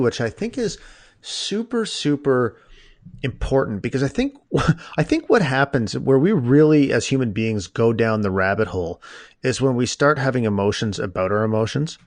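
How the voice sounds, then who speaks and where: A man hosting his own podcast, chatting informally with jokes and lively asides. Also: mid-range voice, a little fast, no room sound. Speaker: podcast host. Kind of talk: casual interview chat.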